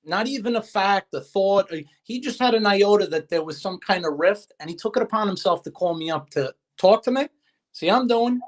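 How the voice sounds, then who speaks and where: A man in casual chat as a guest, venting with heated, profane talk and retelling conversations. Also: high-pitched.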